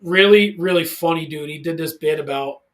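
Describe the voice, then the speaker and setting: Animated man in his forties hosting. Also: a little high, fairly quick. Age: 40s. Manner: animated storyteller, loud when acting out quotes. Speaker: podcast host. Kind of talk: casual podcast chat. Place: studio.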